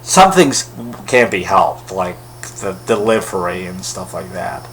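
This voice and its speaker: A man's voice: low voice, lively intonation, a little slow, a bit bright, slight background noise, rough recording. A man giving a casual, rambling film review in a wry, critical way. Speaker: movie reviewer.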